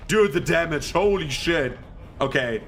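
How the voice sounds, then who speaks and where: With a slightly high, creaky voice at a measured pace, this young gaming streamer talks through his play in a German accent. His casual commentary wanders, full of laughs and excited spurts, over a bit of background noise.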